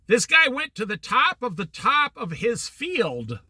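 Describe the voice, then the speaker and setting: A man's voice: very high voice, wildly swooping pitch, unhurried, sharp tone, no echo. An older man telling a long, rambling personal anecdote in a casual storytelling monologue, acting out the back-and-forth of old conversations. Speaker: host.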